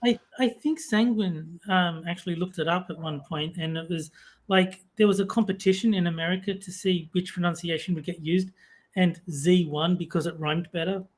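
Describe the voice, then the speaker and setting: A co-host with an Australian accent, chatting in a relaxed, meandering way on a casual podcast. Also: medium pitch, normal speed.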